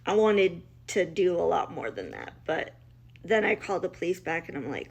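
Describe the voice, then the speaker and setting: A middle-aged mother tells her family's story bluntly and emotionally, acting out the dialogue and quoting others, with many restarts. Her lowish, creaky voice is animated and moves at a moderate pace.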